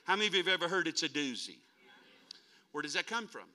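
A man in his sixties from North Dakota, a traveling preacher giving a folksy, animated sermon and calling on the congregation to answer back. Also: on the high side, fast talker. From North Dakota, USA. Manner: folksy, animated, calls on the crowd to respond.

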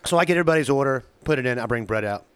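A man's voice: mid-range voice, animated, very fast, fairly bright tone, clean tone, no echo. A man in casual chat, a restaurant server, telling a wry, teasing story about a table of customers.

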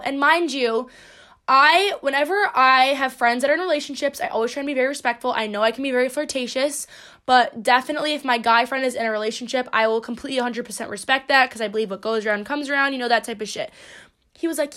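Young female podcast host, high voice, brash and profane, playful solo chat. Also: fast talker, a bit bright. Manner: brash, profane, joking storyteller.

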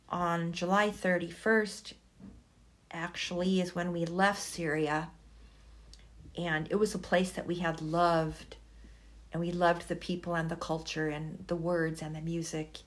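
A woman telling a personal story slowly and reflectively in an interview, with feeling. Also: lowish voice. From United States. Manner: slow, reflective, emotional. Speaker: guest.

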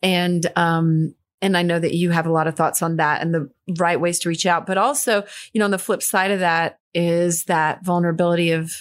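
A woman's voice: lowish voice, steady tone, moderate pace, hardly any pauses. A woman hosting a podcast, reflective and supportive in a conversational interview. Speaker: podcast host.

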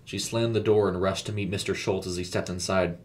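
A man narrating a scripted horror story in a measured, suspenseful way. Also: deep voice, steady tone.

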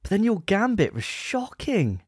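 A man's voice: high voice, wildly swooping pitch, a little slow, husky, no room sound, studio quality. A young man co-hosting a casual podcast, teasing his friends and stumbling over his words as he judges them. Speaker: podcast co-host. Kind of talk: casual banter among friends.

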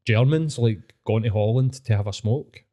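A man's voice: lowish voice, moderate pace, warm tone. Sweary Scottish man telling stories. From Scotland. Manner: sweary, storytelling, laughs often. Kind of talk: casual chat.

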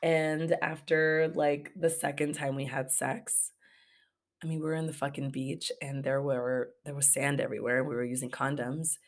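A woman's voice: sits low, little pitch movement, moderate pace. A young woman from Los Angeles hosting a podcast, telling a travel story in a candid, profane, casual way. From Los Angeles, USA. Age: young adult. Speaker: podcast host. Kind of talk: casual story-time monologue.

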